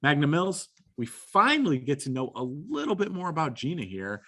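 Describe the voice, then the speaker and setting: A man's voice: on the high side, wildly swooping pitch, moderate pace, fairly bright tone. A man co-hosting a podcast, his voice rising and falling a lot as he talks. He chats casually, in slang, and swears freely. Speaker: podcast co-host. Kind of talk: casual chat.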